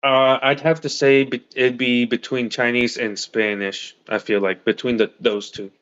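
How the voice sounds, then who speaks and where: A man in a casual chat, talking shyly and hesitantly with many pauses and fillers. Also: medium pitch, flat delivery, fairly bright tone, clean tone, dry recording, lo-fi sound. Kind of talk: casual language-exchange chat.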